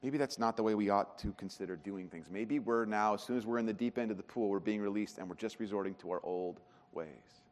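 A man preaching a sermon as pastor, talking conversationally and animatedly, often dropping to quiet emphasis. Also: on the low side, fairly quick, long reverb tail.

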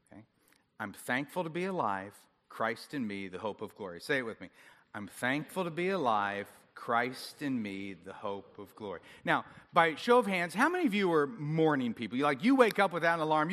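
A man preaching a sermon to a congregation, animated and self-deprecating, getting the audience to join in. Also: fairly high pitch. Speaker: pastor. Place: large church hall. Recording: long hall reverb.

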